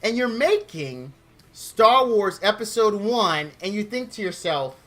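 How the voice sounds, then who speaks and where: A man rants on his stream, exasperated and mocking, his tone bright and sharp. His pitch swings widely as he lapses into goofy voices for made-up quotes. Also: big pitch swings, a little slow. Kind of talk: comedic rant.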